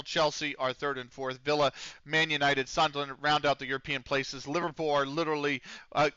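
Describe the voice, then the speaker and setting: Bright, crisp-voiced male streamer rambling. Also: on the high side, no room sound, dull audio. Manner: rambling and loose, with many fillers and casual swearing. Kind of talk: casual live-stream commentary.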